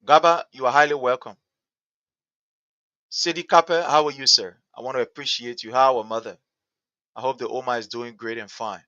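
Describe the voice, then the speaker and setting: A man with a Liberian English accent, hosting a show with impassioned, repetitive political commentary that builds to shouting. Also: medium pitch, steady tone, moderate pace, pauses often, dry recording, muffled recording. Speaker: talk show host.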